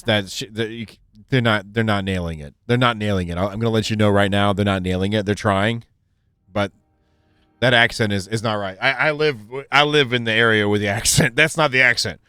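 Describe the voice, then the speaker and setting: A man's voice: lowish voice, pushed and bright, clear, resonant tone, dry recording. A man from Georgia, USA, streaming a game and chatting casually in a rambling, repetitive way. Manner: rambling, repeats himself, hesitant fillers. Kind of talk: casual gaming commentary.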